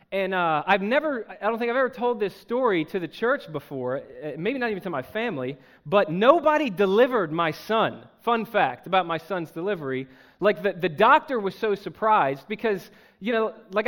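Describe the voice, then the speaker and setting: A young adult man preaching in a church service, telling a personal story with self-deprecating humor and animated delivery. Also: high-pitched. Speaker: pastor. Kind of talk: sermon storytelling.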